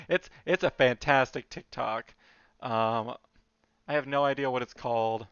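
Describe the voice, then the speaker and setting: A man's voice: mid-range voice, steady tone, a little slow, a bit bright, smooth, dry recording, highs cut off. A man streaming as he draws, chatting casually with lots of fillers and muttered asides. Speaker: streamer drawing live. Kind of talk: casual rambling stream chat.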